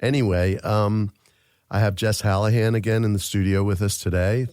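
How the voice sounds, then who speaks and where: A man hosts an interview show from a studio. His voice is low and mellow, and he chats casually, joking and padding with fillers. The recording is dry and close. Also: fairly even intonation, moderate pace, clear, resonant tone, no echo. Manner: chatty, filler-heavy, joking. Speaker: podcast host.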